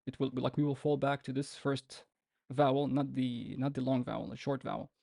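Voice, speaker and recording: A man leads a live online beginner class over a computer mic, talking in a relaxed, informal way and repeating example words patiently. His voice is low and gravelly, with a dark tone. The sound is dry and close. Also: normal speed, dry recording. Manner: relaxed and informal, with fillers and restarts. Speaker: Arabic teacher. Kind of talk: live online language lesson.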